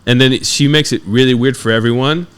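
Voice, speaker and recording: A man with a French accent, a guest comedian telling animated stories on a podcast and acting out other people's voices. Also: medium pitch, fast talker, clear, resonant tone. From France. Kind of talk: casual podcast storytelling.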